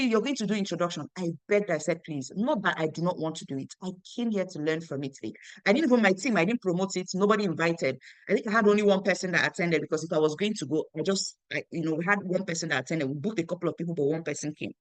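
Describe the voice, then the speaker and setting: Woman, young, low-pitched, dry close sound, animated storytelling, repeats herself. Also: fast talker, few pauses, dry recording. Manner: animated, repeats phrases, acts out quoted dialogue. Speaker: network marketing team leader. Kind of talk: motivational storytelling talk.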